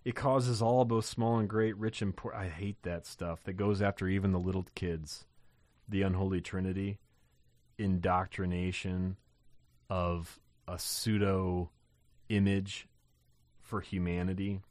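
Low-voiced man teaching scripture, dry close sound. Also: little pitch movement, measured pace, a little mellow, no echo. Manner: reads verses then comments in loose, restarting asides. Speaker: Bible teacher. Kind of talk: verse-by-verse Bible teaching.

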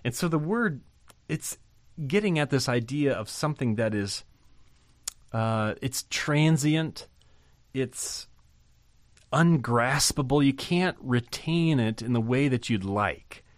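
A man's voice: mid-range voice, lively intonation, slow, pauses often, no echo. A man giving an informal Bible lesson, thinking aloud with fillers and restarts and rising to emphasize key points. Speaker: Bible teacher.

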